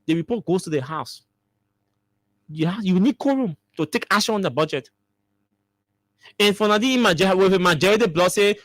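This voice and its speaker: A man's voice: sits high, lively intonation, moderate pace, pauses often, no room sound, clean studio sound. A man with a Liberian English accent hosts a talk show, giving emphatic political commentary full of repeated rhetorical questions.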